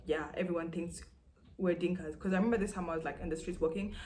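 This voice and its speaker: Chatty young woman, low voice. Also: fairly even intonation, quick pace, a little mellow. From South Sudan. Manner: chatty, rambling, emphatic, heavy use of "like". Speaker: vlogger. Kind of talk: casual talk to camera.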